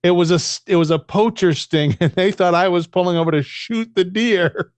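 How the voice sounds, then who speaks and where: Podcast co-host, male, slightly high voice, swears a lot while telling stories, dry booth sound. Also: moderate pace, no echo. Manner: profane, rambling, animated storyteller. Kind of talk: casual storytelling chat.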